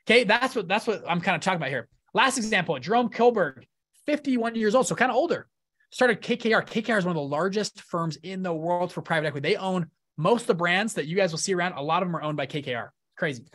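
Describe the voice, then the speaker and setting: An enthusiastic man speaks to a live seminar audience in a slightly raised voice. He is conversational and excitable, and he keeps checking in with his listeners as he goes. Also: high voice, fast. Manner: energetic, enthusiastic, keeps checking in with "right?" and "okay?". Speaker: fund-launch presenter at a live event.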